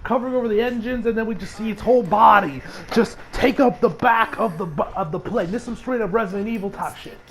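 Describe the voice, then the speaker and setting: A young man giving a casual, excitable recap of an anime episode, swearing freely and rambling with restarts. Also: sits high, quick pace, vocal fry, few pauses, a little hiss or hum. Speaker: anime reviewer.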